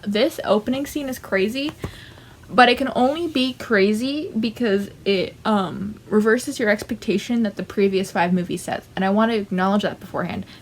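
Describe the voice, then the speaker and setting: A young woman vlogging casually, chatty and animated, full of fillers and side remarks. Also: medium pitch, normal speed, a little hiss or hum. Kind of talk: casual ranking vlog.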